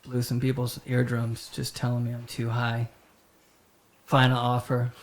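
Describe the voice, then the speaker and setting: A man hosting his own podcast, telling stories in a rambling, animated, profane comic style. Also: mid-range voice, normal speed. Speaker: podcast host. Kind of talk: casual comedic storytelling. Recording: roomy echo.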